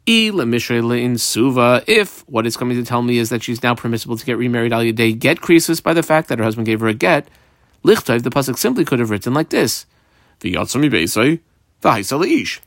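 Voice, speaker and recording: A man's voice: medium pitch, very animated, fairly quick, dry recording, clean studio sound. A man teaching a Talmud class. He reads the text aloud and translates it line by line, frequent "uh" fillers.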